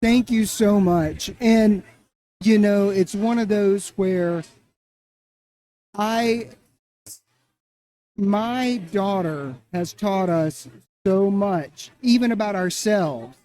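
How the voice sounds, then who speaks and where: A middle-aged man speaking as a guest in an interview, earnest and halting, often repeating phrases. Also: high voice, mellow. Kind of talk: casual interview.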